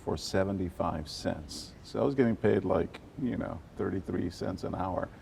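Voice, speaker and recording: An older man from South Texas, an animated storyteller who drops Spanish phrases into his answers during an interview. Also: deep voice, normal speed, creaky, a little hiss or hum. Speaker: journalist guest.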